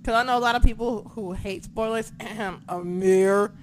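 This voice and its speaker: Excitable podcast host swearing freely. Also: medium pitch, moderate pace, a little hiss or hum. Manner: excitable, swears, acts out reactions. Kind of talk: casual wrestling recap chat.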